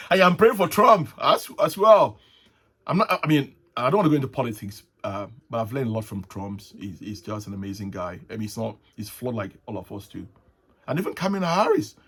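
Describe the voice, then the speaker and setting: A man hosting a casual solo talk show, rambling and halting, with frequent restarts and soft chuckles. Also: fairly low pitch, breathy edge. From Nigeria. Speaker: host. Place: at home, with tea.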